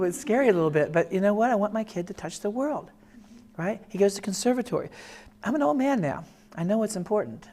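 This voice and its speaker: A man in his fifties giving a humorous personal talk, animated, joking and acting out voices as he tells family stories to a room. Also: high-pitched. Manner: animated storyteller, lively jokes, acts out voices. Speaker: speaker. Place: classroom or lecture room.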